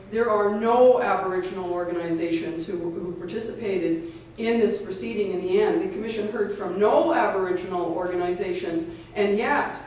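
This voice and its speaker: A woman, a lawyer and advocate, gives an earnest, hurried public speech at an event, often restarting her sentences. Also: mid-range voice. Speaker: lawyer and advocate speaking at a rally. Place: lecture hall at a public event. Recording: echoey hall, far from the mic, faint noise.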